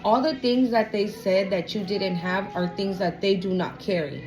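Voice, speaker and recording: A woman's voice: mid-range voice, moderate pace, darkish tone, low-quality recording. Chatty, cussing woman telling a story. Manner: chatty, profane, keeps asking "right?". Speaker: tarot reader addressing a collective. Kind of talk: casual storytelling.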